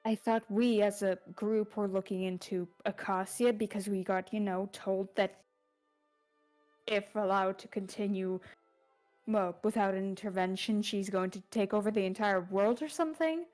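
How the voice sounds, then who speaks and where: A woman's voice: mid-range voice, fairly even intonation, normal speed, darkish tone, soft background music. A woman playing a tabletop game, talking casually and hesitantly. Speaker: player.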